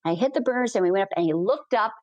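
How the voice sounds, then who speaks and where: A woman's voice: mid-range voice, racing, no echo, muffled recording. A woman, a balloon pilot, telling a story as an interview guest and acting out the people in it. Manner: animated, acts out the people in her stories. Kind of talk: storytelling in a conversation.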